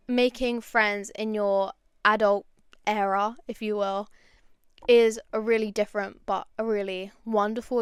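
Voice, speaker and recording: Chatty young woman, bright and clear. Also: a little high, no room sound, studio quality. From London. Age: young adult. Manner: chatty and animated, going off on tangents. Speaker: podcast host. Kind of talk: casual chat.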